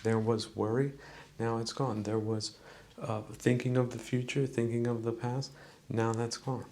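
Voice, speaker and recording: A man hosting a podcast, musing in a slow, preachy mock-sermon monologue with a gravelly voice. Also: medium pitch, level tone, a little mellow. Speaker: podcast host. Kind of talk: rambling comedic monologue.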